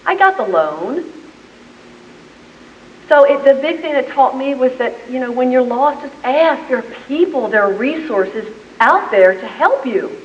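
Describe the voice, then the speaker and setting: A woman's voice: high voice, animated, measured pace, a little hiss or hum. A woman business owner giving an inspirational speech, a vivid storyteller who acts out scenes, heard from afar in an echoey meeting room. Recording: echoey hall, far from mic, dull.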